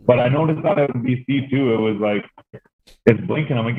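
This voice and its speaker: Speaking fairly quickly at a medium pitch, a man from Canada rambles through a story on his podcast, full of fillers and cursing. The chat is casual, and the tinny, phone-like audio carries slight background noise.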